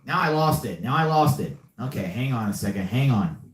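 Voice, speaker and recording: A man's voice: mid-range voice, animated, a little fast. A man hosting a casual live podcast, rambling and repeating himself with many fillers as he reads the chat. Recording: echoey room.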